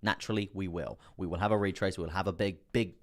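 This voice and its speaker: Low-voiced man casually reading charts. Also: fairly even intonation, fast talker. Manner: chatty, fillers, repeats phrases, addresses viewers as guys and man. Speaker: crypto live stream host. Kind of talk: casual live chart analysis.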